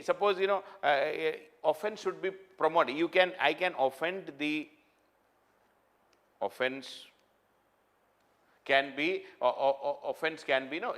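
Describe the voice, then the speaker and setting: A man's voice: a little high, a bit bright. A man giving a spoken lecture, emphatic and repetitive, often restarting his sentences and using fillers. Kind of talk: classroom lecture.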